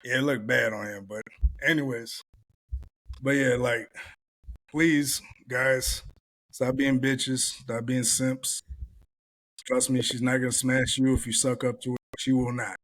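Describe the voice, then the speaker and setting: A man talks loosely and bluntly on a podcast, swearing freely as he tells stories. His voice sits at an ordinary male pitch. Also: little pitch movement, unhurried, long pauses, fairly bright tone. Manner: blunt, profane storytelling. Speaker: podcast host. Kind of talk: casual chat.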